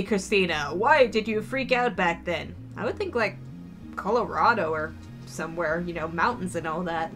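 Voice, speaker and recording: A woman's voice: mid-range voice, a bit bright. A woman hosting a let's play, reading a visual novel aloud with chatty, wry asides.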